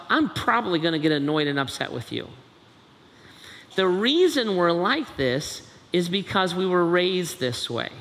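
A man preaches a sermon with a bright, forceful tone and a lively, swooping delivery. He is playful and acts out family scenes as he speaks. His voice rings out in a long, echoey hall. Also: a little high.

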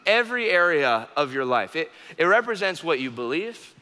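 A man preaching a sermon in an animated, joking way, repeating key phrases and restarting sentences. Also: a little high, moderate pace, long reverb tail. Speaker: pastor.

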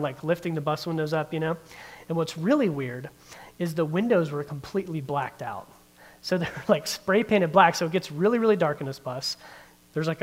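A man speaks to a group in a rapid, relaxed storytelling flow. His voice sits a little high for a man, and he scatters fillers and quick questions to the listeners. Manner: casual, full of "like" fillers, asks the audience questions. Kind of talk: personal storytelling talk.

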